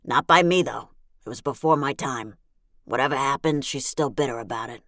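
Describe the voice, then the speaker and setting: A cranky old grandmother in her late years, grumbling her lines flat and dry, as a woman narrator puts her on. The read is close-miked and dry, with a low, full tone under the put-on age. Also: moderate pace, no echo. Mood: deadpan.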